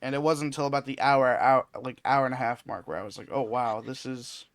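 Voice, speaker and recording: A man's voice: medium pitch, quick pace. A man co-hosting a casual film podcast, easygoing and thinking aloud with hesitant restarts. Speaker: podcast co-host.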